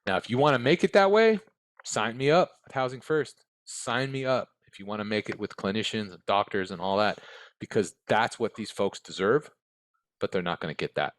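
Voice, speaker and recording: An American man, formerly a case manager, talks at normal speed in a low-ish, expressive voice with no room sound. In an interview room, he answers with blunt candor, regularly slipping in tag questions such as "right?" and "okay?".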